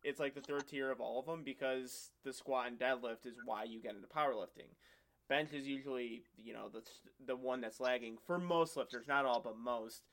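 A young man talking loosely with a co-host on a podcast. He rambles and jokes, and acts out both sides of his stories. His voice sits at an ordinary middle pitch. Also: moderate pace, fairly bright tone. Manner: rambling, joking storyteller who acts out other people. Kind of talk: casual chat.

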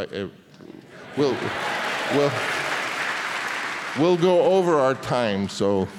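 A man's voice: mid-range voice, noisy background. A man in his seventies, a guest telling long, rambling anecdotes at a public conversation event, with frequent restarts. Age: 70s. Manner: rambling, with many restarts and fillers. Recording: reverberant hall.

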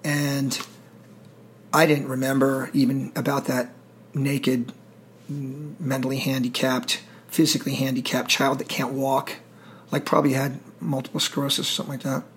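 A man's voice: mid-range voice, level tone, moderate pace, slight background noise. A middle-aged man telling war stories in an interview, intense, emotional and profane. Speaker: guest, military veteran. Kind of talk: storytelling interview.

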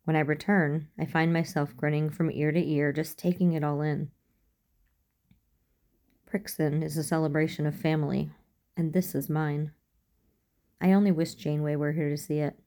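A woman reading a first-person fan fiction story aloud as an audiobook, in a calm and even storytelling manner. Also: low-pitched, moderate pace, long pauses. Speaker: audiobook reader.

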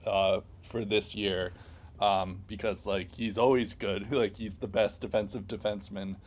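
Low-voiced man rambling about hockey. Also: steady tone, measured pace. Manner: rambling, many ums and restarts. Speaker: podcast co-host. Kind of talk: casual sports chat.

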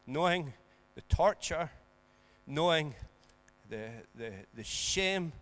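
A man preaching and praying, moving from hushed, tender prayer to loud, emphatic preaching. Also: on the high side, expressive, takes it slowly. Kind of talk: sermon and spoken prayer.

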